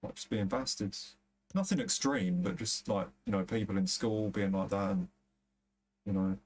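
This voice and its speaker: A man's voice: low-pitched, normal speed, a little mellow. A young man with a London-area accent, chatting casually and rambling on a game stream, swearing freely and using plenty of fillers. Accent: London area English. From England. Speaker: gaming streamer. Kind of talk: casual chat while streaming a football game.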